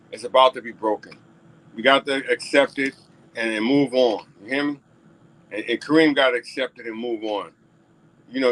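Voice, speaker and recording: A man's voice: medium pitch, fairly bright tone, slight background noise, poor audio. A man hosting his own talk show, riffing emphatically and repeating himself as he speaks straight to his viewers. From New York. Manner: emphatic, repetitive, addresses viewers directly. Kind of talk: casual solo commentary.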